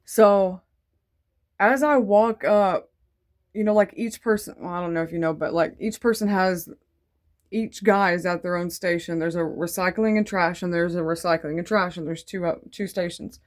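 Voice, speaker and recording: A woman's voice: on the low side, moderate pace. A woman casually telling a faith testimony in a rambling, digressive way, full of fillers, earnest and devout. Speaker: Christian testimony vlogger.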